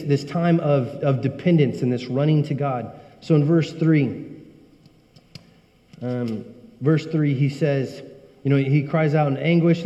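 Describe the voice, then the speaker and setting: A man's voice: a little high, dark tone. A man preaching a sermon in an earnest, emphatic way. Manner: earnest, emphatic, rising when he voices prayers. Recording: dull recording with long hall reverb.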